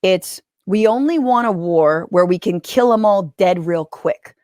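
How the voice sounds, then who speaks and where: A woman's voice: lowish voice, a little slow, a little mellow, dry recording, studio quality. A woman comedian and commentator in a televised debate, full of sarcastic, mocking asides.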